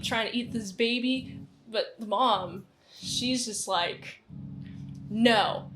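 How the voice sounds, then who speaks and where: A woman casually recapping a movie in a rambling, excitable way, giggling now and then. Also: sits high. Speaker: movie reviewer.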